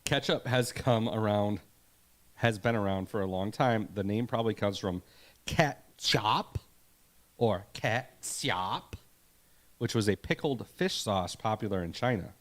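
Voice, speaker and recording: Low-voiced man rambling on a podcast. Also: normal speed. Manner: rambling, reads facts aloud with laughs. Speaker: podcast co-host. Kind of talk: casual chat.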